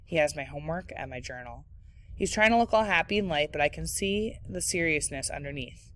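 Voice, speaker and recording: A woman's voice: low voice, animated, fairly quick. Woman reading a book aloud. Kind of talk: read-aloud book narration.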